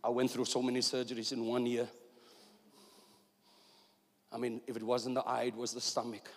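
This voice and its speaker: A man's voice: medium pitch, monotone, moderate pace. A man in his fifties preaching a sermon in a church with impassioned delivery, voicing God's words in quotes. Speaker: pastor. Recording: long reverb of a church hall.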